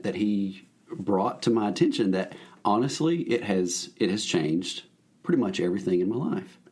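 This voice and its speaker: A man, a minister telling his story as a podcast guest in a lively, joking, folksy way. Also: on the low side, breathy edge. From Alabama, US. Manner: animated, jokey, folksy. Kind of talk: casual storytelling conversation.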